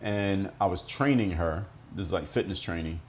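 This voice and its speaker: A man's voice: deep voice, moderate pace, slight background noise. A middle-aged man from Miami talking solo as a podcast host, telling stories bluntly, with some swearing. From Miami, United States. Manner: blunt, profane, explanatory. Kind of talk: monologue storytelling.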